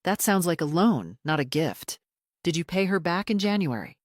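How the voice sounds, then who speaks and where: A woman voicing a female attorney cross-examining a witness, calm, precise and relentless. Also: lowish voice, normal speed, no echo, clean studio sound. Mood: cold.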